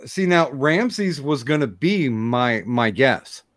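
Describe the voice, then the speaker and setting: A man hosting a podcast, talking casually and haltingly with frequent pauses. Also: mid-range voice, expressive, fairly bright tone, no room sound, studio quality. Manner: halting, many fillers and restarts. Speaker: podcast host.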